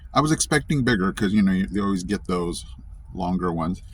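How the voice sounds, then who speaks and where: A man's voice: low voice, animated, fairly quick, slight background noise. Chatty man reviewing food while eating. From East Tennessee. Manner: chatty, eating while talking, repeats himself. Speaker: vlogger. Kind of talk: casual food review vlog.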